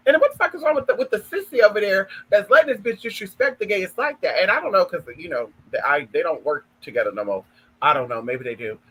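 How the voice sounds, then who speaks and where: Sassy high-voiced man spilling gossip. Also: expressive, brisk, fairly bright tone, husky, rough recording. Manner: sassy, flamboyant, profane, calls listeners honey and girl. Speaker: spiritual content creator. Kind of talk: casual gossip vlog.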